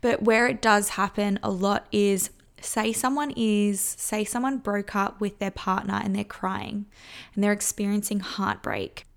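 A woman's voice: medium pitch, level tone, measured pace, vocal fry. A young woman hosting a solo podcast, talking candidly and conversationally, sometimes acting out what people say. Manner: candid, conversational, acts out quoted voices. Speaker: podcast host.

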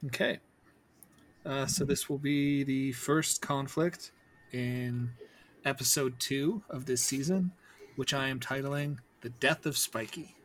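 A man narrating as game master in a calm, questioning way, with frequent fillers. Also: mid-range voice, slow, slight background noise.

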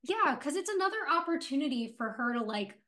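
A woman with a fairly high voice co-hosts a casual podcast. She retells a TV scene line by line in lively paraphrase, slipping into "he's like, she's like" as she goes. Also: a little fast. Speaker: podcast co-host. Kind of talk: casual TV episode recap chat.

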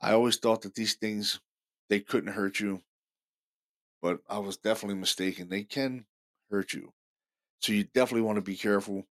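A man hosting a paranormal show, telling stories casually in an excited, rambling way full of fillers and restarts. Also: lowish voice, fairly quick, pauses often. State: deaf in left ear. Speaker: paranormal podcast host. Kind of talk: casual storytelling monologue.

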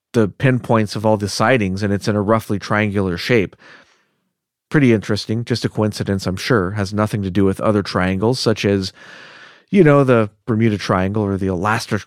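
Low-voiced chatty man. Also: dry recording, clean studio sound. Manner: relaxed, chatty, jokey asides. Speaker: podcast co-host. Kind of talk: casual storytelling narration.

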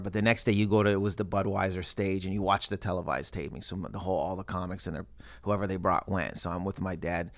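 A man's voice: low voice, vocal fry, a bit bright, no echo. A young man from Canada chatting casually as a comedian and podcast host, telling rambling stories with frequent restarts. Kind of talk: casual chat.

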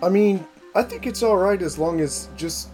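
A man's voice: high voice, moderate pace. Male tabletop player, wry and joking, faint music under the talk. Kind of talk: casual tabletop play.

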